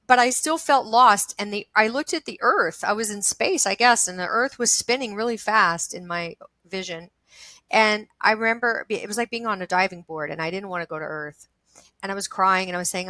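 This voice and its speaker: An earnest woman speaks in a voice of middle height, recounting a deeply personal experience with heartfelt emphasis and quick restarts. The sound is close and dry, with almost no room around it. She is an actress talking as an interview guest. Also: pushed and bright, dry recording, rough recording. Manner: heartfelt, emphatic, tells her story quickly with repeated restarts. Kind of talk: earnest conversational storytelling.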